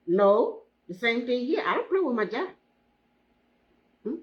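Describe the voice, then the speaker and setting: A woman's voice: on the high side, sing-song, unhurried, dull audio. A woman running her hair braiding business, talking to viewers on a live stream, emphatic and repeating herself, often asking "hmm?". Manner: emphatic, repeats phrases, often asks 'hmm?'.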